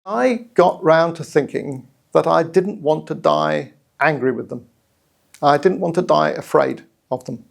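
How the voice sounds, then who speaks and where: A middle-aged man with a British accent, telling his own story in a measured, reflective way with hesitant restarts. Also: fairly high pitch, creaky. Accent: British English. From England. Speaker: guest storyteller. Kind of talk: personal story told to camera.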